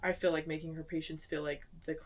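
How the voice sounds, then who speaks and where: This is a young Arizona woman co-hosting a podcast, her deep voice moving fast and captured from afar in a small home studio. She chats casually while telling stories, voicing each quote with lively flair.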